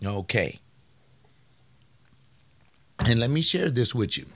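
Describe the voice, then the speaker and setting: A man's voice: mid-range voice, very animated, takes it slowly, a bit bright. Emphatic man giving relationship advice. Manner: emphatic, addresses the audience directly. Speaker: marriage counselor. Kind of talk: lecture on relationships.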